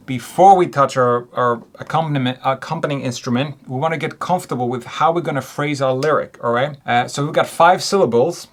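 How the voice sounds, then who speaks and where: A man teaching songwriting in a relaxed way, counting beats aloud and singing short examples. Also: medium pitch, a little fast, few pauses. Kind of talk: music lesson.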